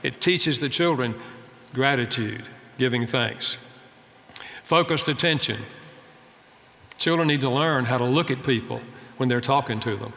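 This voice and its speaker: Older man, bright folksy sermon voice. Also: medium pitch, measured pace, pauses often, long reverb tail. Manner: earnest, folksy, storytelling. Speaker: speaker on family and marriage. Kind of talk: sermon-style talk.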